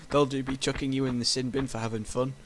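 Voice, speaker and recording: A man's voice: medium pitch, a little hiss or hum, low-quality recording. A man streaming a game, bantering casually with lots of swearing and laughter. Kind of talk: casual gaming commentary.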